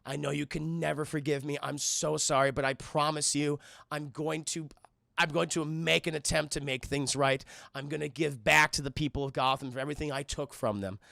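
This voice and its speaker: A man voicing an older male cartoon ice villain, speaking in a slow, hushed, apologetic way. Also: fairly high pitch, fairly even intonation, gravelly, no echo, studio quality, voice pushed down. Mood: remorseful.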